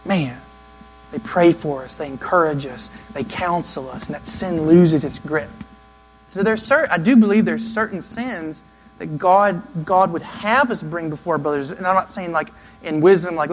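A man preaching a sermon in an earnest, conversational way, now and then acting out quick asides. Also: fairly high pitch, poor audio. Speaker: pastor.

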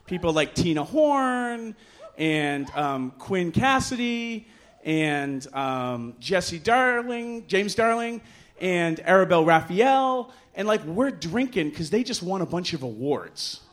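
A middle-aged man with a fairly high voice tells a bawdy story live in a bar. He mocks himself and is animated, leaping up in pitch for the voices he quotes. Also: takes it slowly. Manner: animated, self-mocking, acts out quotes with loud jumps in pitch. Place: bar stage before a live audience.

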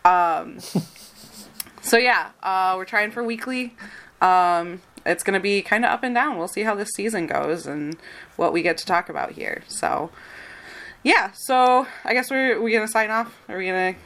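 A woman's voice: mid-range voice, a little slow, a bit bright. Giggly upbeat woman co-hosting. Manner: giggly, upbeat, many fillers. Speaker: podcast co-host. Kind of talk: casual chat.

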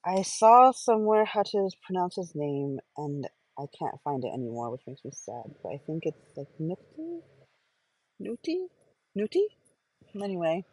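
A woman's voice: low-pitched, a little mellow, no echo, low-quality recording. Chatty woman rambling in a car. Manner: rambling, chatty, many fillers and self-corrections. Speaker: podcast host. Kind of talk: casual stream-of-consciousness audio journal. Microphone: phone voice recorder.

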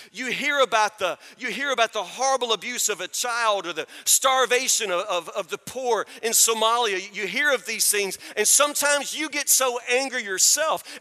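A man with a very high, bright voice preaches a sermon, pressing his points again and again and asking his listeners if they understand. His voice rings with a long reverb in a big hall. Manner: emphatic, repeats phrases, asks the crowd questions. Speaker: pastor.

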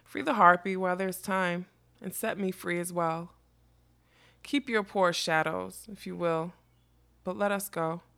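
A woman reading a storybook, voicing a proud, gentle female unicorn who speaks slowly and gravely. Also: fairly low pitch, fairly even intonation, no room sound.

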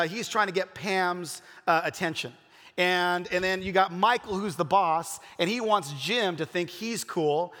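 A man's voice: high-pitched, fairly bright tone. A man preaching a casual sermon in a church, repeating key points and laughing easily. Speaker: pastor. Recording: long hall reverb.

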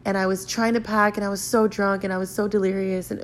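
A woman's voice: medium pitch, level tone, fast talker, a little hiss or hum. A young woman in a mid-range voice tells a story casually, swearing freely and leaning on "like" as she rambles. She talks like a podcast host chatting with her listeners. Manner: profane, rambling, heavy use of "like".

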